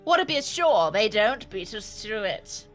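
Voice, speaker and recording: An eager male explorer with a broad put-on Australian accent, as a woman reads his letter aloud, drawling each phrase slowly and loudly. Faint game music plays behind. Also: mid-range voice, sing-song. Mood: boastful. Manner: slow, loud, drawn-out reading aloud.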